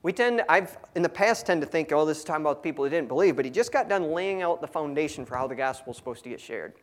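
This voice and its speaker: A man with a fairly high voice and a drawl teaches through a Bible passage like a preacher. He reads the verses, then breaks into casual, folksy asides addressed to his listeners. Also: animated, fast talker.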